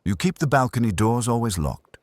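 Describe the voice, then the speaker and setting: A man voicing a courteous, soft-spoken police inspector who probes politely. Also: mid-range voice, sing-song, a little fast, no echo, voice pushed up, close to an everyday voice. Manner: gentle, polite, probing.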